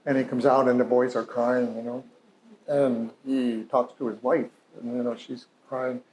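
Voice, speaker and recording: A man's voice: medium pitch, flat delivery, normal speed, darkish tone, slight background noise. A male psychologist telling a patient's story in a conversational, heartfelt lecture, full of "you know" and "like". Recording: roomy echo.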